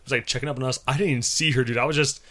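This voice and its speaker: A man's voice: medium pitch, fairly even intonation, very fast, fairly bright tone. A man co-hosting a podcast, talking in a loose, filler-heavy, profane way. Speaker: podcast co-host. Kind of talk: casual chat.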